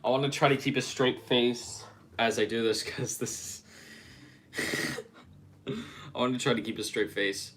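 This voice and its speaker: A man's voice: mid-range voice, a little slow, pauses often, a bit bright, slight background noise. A man rambling casually on a livestream, chatting and reacting to viewer comments. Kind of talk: casual live-stream chat.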